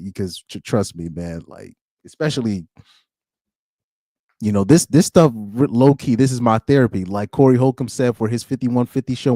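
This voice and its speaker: Recorded clean in a studio with no room sound, a young podcast host with a dark-toned, medium-pitched voice chats on a live stream. His sentences are loose and full of fillers, and he rambles and keeps breaking into laughter.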